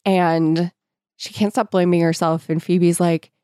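A woman's voice: on the low side, a little slow, clean tone, dry recording, studio quality. A woman co-hosting a podcast, animatedly recapping a book plot in casual chat. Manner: animated, retells the plot with voices. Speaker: podcast co-host.

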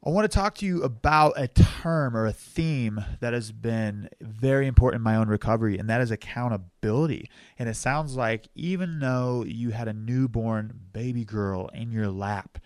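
A man's voice: mid-range voice, normal speed, few pauses, darkish tone, no echo, clean studio sound. A man hosting a podcast, asking questions and reacting supportively in casual conversation. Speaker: podcast host.

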